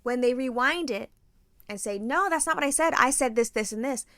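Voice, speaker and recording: Brash, high-pitched woman co-host. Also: normal speed, a bit bright, no echo. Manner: brash, profane, emphatic ranting. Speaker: podcast co-host. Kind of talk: casual chat.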